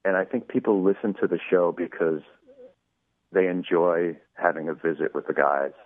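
A man's voice: low-pitched, steady tone, normal speed, dry recording. A man, producer of a radio show, telling an anecdote as an interview guest in a chatty style, acting out quoted dialogue with many "you know"s over a phone line.

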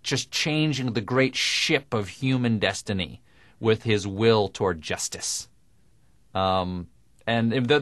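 A man with crisp, precise diction, talking in a dry, self-mocking way as a guest in a radio interview. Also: fairly low pitch, dry recording. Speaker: guest comedian.

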